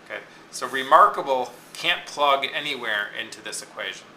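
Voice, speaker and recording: Bright-voiced man teaching in an echoey room. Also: mid-range voice, lively intonation, normal speed, slight background noise. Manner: patient, explains step by step, checks in with "okay?". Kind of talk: classroom lecture on poetic meter.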